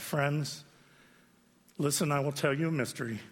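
A male pastor preaches in a fairly high voice, mixing self-deprecating stories with solemn points where he drops low and quiet. His voice carries with a long echo through a large church hall. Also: moderate pace, pauses often, slightly rough. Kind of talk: sermon.

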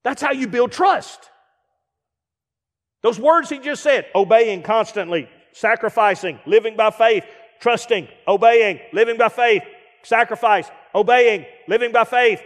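Guest preacher, middle-aged man, high-pitched, lively delivery with mimicked voices, reverberant church hall. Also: measured pace. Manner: animated preaching with acted-out asides and rhetorical questions. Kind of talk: sermon.

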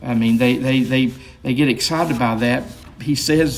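A man's voice: medium pitch, a little slow, a little hiss or hum. A male pastor leading a Bible study, explaining earnestly and reading aloud with asides.

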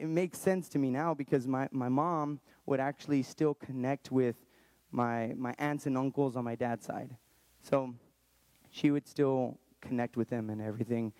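A man in his thirties telling a personal story in an earnest, halting way, often restarting his sentences. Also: mid-range voice, darkish tone, no room sound. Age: 30s. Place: Texas, around Austin.

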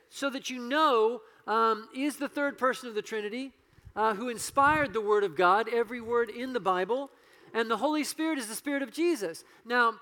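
A male pastor with a notably high voice delivers an earnest sermon, pressing his points with growing passion. The sound rings with the long reverb of a large church hall. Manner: earnest, building to loud passionate preaching.

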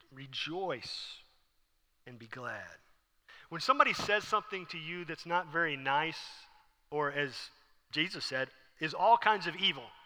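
A pastor preaching a sermon with a casual, joking manner, asking the congregation questions. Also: male voice, on the high side, sharp tone. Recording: long hall reverb.

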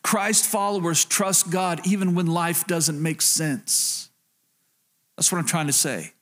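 A pastor preaches to his congregation, his voice sitting a little high for a man. He speaks directly and earnestly to them, often stopping to ask "can I tell you something" and circling back to the same phrases. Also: takes it slowly, a bit bright. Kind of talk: sermon.

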